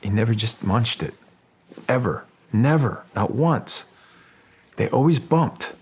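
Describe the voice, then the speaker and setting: A man speaking as a guest in an interview, halting and restarting, then animated when telling stories. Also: mid-range voice, breathy edge. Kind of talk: casual interview talk.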